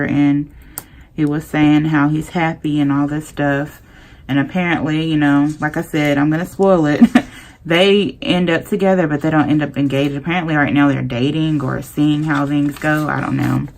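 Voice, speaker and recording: A young woman rants casually to her viewers. Her voice sits low and has a gravelly edge. She talks to the audience like a close friend, with a lot of slang. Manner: animated, talks straight to viewers with southern-style slang. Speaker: planner vlogger. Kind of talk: casual chatty rant while planning.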